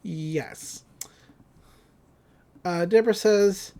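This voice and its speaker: A woman hosting a podcast, recapping a cartoon episode in casual chat, with frequent laughs and quick quoted asides. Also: lowish voice, warm tone. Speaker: podcast host.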